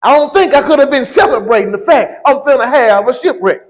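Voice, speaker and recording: A man preaching a sermon, reading scripture and then building to slow, emphatic shouted lines. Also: very high voice, lively intonation, low-quality recording.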